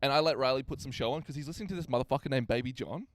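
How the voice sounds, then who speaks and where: A man's voice: mid-range voice, racing. A young man telling a casual, sweary story on a podcast and acting out what other people said. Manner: swearing, acts out quotes in other voices. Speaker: podcast co-host.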